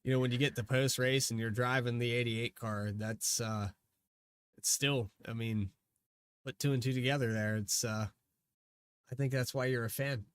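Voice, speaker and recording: A man's voice: medium pitch, steady tone, moderate pace, smooth, dry recording. Race host guy, rambling interview questions, dry mic. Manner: chatty, rambling, hesitant restarts. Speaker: race broadcaster.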